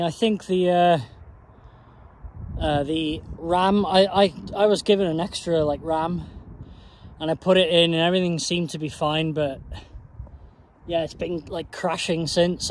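A man talks loosely to his camera on an outdoor walk, a little drunk and swearing freely. His voice sits slightly high, with a faint hiss under it. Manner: chatty, sweary, tipsy rambling. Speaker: vlogger. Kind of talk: casual rambling vlog. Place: outdoors on a walking path.

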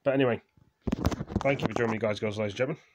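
A man vlogging casually, reading viewer comments aloud in a slow, halting way with fillers, his voice trailing off quietly. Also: on the low side, steady tone, heavy background noise. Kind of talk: casual chat.

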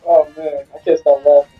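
A man reacting to a video, talking slangily and laughing often. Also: fairly high pitch. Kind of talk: casual reaction commentary. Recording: dull lo-fi sound.

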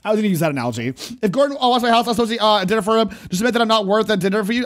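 This is a young man doing casual reaction commentary on a stream. His voice sits high and swings widely up and down. He jokes around and keeps talking back at what he is watching. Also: rapid-fire. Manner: excitable, jokey, talks back at the screen.

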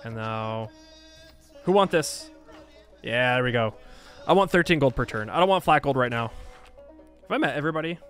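A gaming YouTuber plays a strategy game in casual Let's Play commentary, thinking aloud in a frustrated, self-mocking way with frequent sighs and laughs. His mid-range voice is fairly bright and fairly quick, with lively intonation. Soft music plays in the background.

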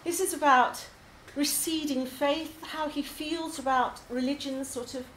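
A woman's voice: sits high, steady tone, unhurried, a bit bright. Woman, English, poetry tutor, chatty, lots of ums, echoey room. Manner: enthusiastic, chatty with frequent ums. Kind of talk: course presentation to a group. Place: labour club hall. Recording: echoey hall, faint noise.

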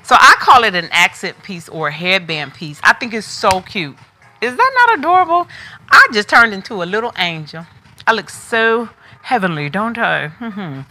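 In a casual live product demo, this woman shows off wigs and talks directly to her audience in a relaxed, chatty way. She has a mid-range voice that sounds pushed and bright.

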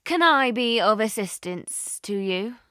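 A woman voicing a smug man who talks slowly and patronizingly. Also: medium pitch, lively intonation, bright, forceful tone, clean tone, dry recording, clean studio sound, voice pushed up. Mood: smarmy. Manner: slow, smarmy and patronizing. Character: man, smug and needling workplace boss.

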